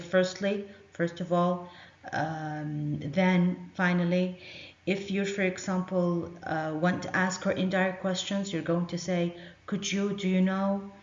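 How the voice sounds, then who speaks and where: Low-voiced woman teaching grammar, roomy and dull. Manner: hesitant, halting explanations with many fillers. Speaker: English teacher. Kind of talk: recorded grammar lesson.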